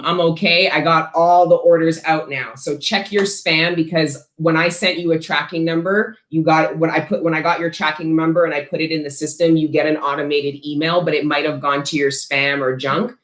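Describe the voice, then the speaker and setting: A woman hosting a casual livestream, chatting bluntly with viewers and answering their questions, swearing freely and talking with animated emphasis. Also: sits low, reverberant. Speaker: host selling frankincense to viewers.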